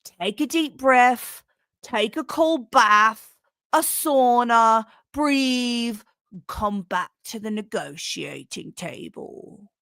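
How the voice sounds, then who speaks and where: A woman's voice: fairly high pitch, animated, drawn-out words, vocal fry, a bit bright, dry recording, pitched above the performer's own voice, heavily acted. Pompous male president, mock British accent, woman doing the voice, sing-song, drawn out, dry recording. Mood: preachy.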